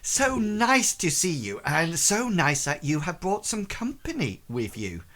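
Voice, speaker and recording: A man's voice: fairly high pitch, huge pitch swings, a little slow, fairly bright tone, pitched above the performer's own voice, heavily acted. A man voicing a flirtatious barmaid who runs a tavern, greeting guests with a gushing, sugary welcome.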